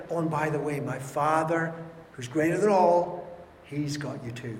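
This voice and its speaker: Pastor guy preaching, kinda high voice, big roomy echo, punchy and repeats stuff. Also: moderate pace. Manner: emphatic, repeats words for stress. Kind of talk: sermon. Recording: echoey hall with faint ambience.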